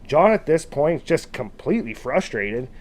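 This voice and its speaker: A man casually retelling a true scary encounter, loosely phrased with fillers, now and then shouting out quoted calls. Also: on the high side, big pitch swings, moderate pace, background noise. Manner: casual, conversational, with fillers like "kind of" and "like". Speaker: storyteller.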